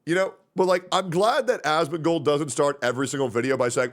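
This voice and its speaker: A man's voice: on the high side, fairly quick, a bit bright. A young man chatting casually on a livestream, rambling, swearing a lot and reacting to chat messages as he reads them. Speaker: streamer.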